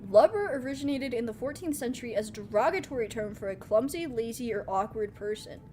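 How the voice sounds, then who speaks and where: A woman with a slightly high voice chats casually as she plays a game on a live stream, reading chat aloud and laughing easily. Game sounds and background noise run clearly under her voice. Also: animated, fast, warm tone. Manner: chatty, giggly, playful, reads chat aloud.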